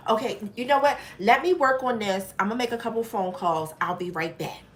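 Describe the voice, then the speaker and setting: A woman voicing a flustered female hotel desk clerk who talks in a hurried, placating way. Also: on the high side, natural voice.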